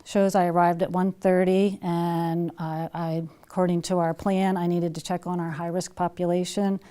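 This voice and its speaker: A woman giving a measured, procedural account as an emergency responder. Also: fairly low pitch, flat delivery, mellow, clear, resonant tone. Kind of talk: documentary interview.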